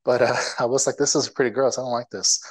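A man's voice: medium pitch, quick pace, low-quality recording. A man in his thirties giving a guest lecture, telling a personal story in a self-mocking way, acting out the people in it and laughing along. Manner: animated, acts out the people in his stories.

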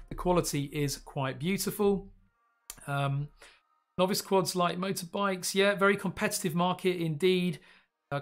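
Man, live stream host, chatty, reads the chat aloud, voice a bit high and getting hoarse. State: voice going hoarse, clearing throat.

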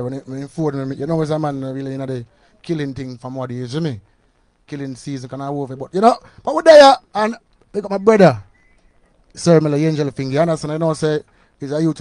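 A Jamaican man, a sound selector, giving rambling, halting thanks and shout-outs. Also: on the high side, no room sound. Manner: rambling, halting, repeats words.

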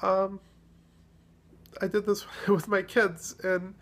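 A woman chatting casually in a vlog, relaxed and self-deprecating, pausing often as she thinks. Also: medium pitch. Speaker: video blogger.

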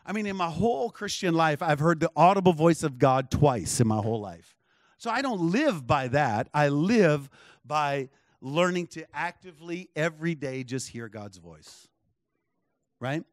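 A man's voice: on the high side, lively intonation, unhurried, no room sound, clean studio sound. A man preaching a sermon in a conversational, storytelling way, full of asides to the congregation. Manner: conversational, many asides and checks with the crowd. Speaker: pastor. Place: church.

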